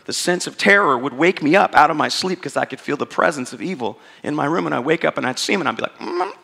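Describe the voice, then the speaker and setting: A man with a fairly high, gravelly voice preaches a sermon. He tells stories in a lively, conversational way and acts out the voices in his quotes. His voice rings out with a long reverb in a church hall. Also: quick pace. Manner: storytelling, animated and conversational, acting out quotes. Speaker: pastor.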